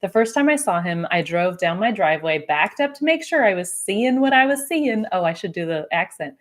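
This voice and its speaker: A woman's voice: mid-range voice, sing-song, moderate pace, hardly any pauses. A woman in her usual mid-range voice hosts a casual solo podcast. She chats easily, reads viewer comments aloud and restarts her sentences as she goes, with a light laugh now and then. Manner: chatty and self-correcting, with light laughter. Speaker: podcast host.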